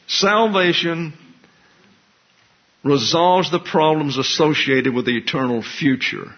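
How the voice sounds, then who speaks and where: A man's voice: fairly high pitch, slow. A man pastor giving an expository sermon, teaching in a wry, conversational way with asides. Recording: dull lo-fi recording.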